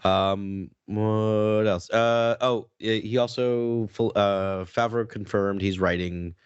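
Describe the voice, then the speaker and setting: A man co-hosting a fan podcast in casual chat, rambling and excitable, restarting his sentences often. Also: fairly low pitch, slow pace, smooth, no echo, dull audio. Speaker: podcast co-host.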